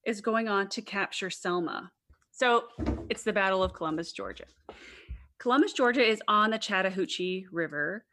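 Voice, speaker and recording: A woman's voice: medium pitch, fairly bright tone. Chatty woman telling history on a podcast. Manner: chatty, laughs easily, playful asides. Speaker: podcast co-host. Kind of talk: casual history storytelling.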